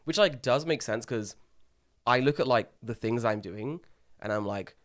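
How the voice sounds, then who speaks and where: A young man co-hosting a podcast, telling animated stories, swearing freely and acting out what people said. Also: medium pitch, normal speed. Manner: animated storyteller, swears freely, acts out quotes. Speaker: podcast co-host. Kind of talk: casual chat.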